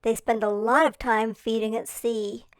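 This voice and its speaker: A woman reading a children's picture-book quiz about seals, explaining slowly and clearly with playful questions. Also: a little high, flat delivery, no room sound.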